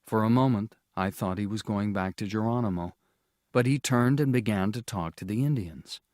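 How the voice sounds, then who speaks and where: A man narrating a storybook audiobook in a slow, measured, clear reading style. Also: lowish voice, darkish tone, no echo, studio quality.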